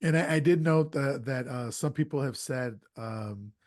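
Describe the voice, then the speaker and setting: A man hosting a podcast, casually retelling a movie plot and tossing in quick acted quotes. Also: medium pitch, a little mellow, no room sound, studio quality. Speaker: podcast host. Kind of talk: casual movie recap chat.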